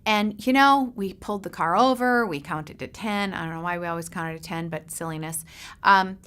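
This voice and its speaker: A middle-aged woman, a parent coach, telling a lively personal story to parents and acting out the voices in it. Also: moderate pace, smooth. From Seattle area, United States. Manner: animated storyteller, acts out quoted voices with big pitch jumps.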